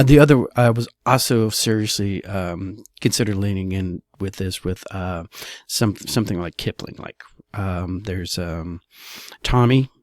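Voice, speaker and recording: A man's voice: on the low side, a little mellow, no room sound, clean studio sound. A man, a real estate broker, talking casually in a solo podcast, loose and chatty, often saying "all right".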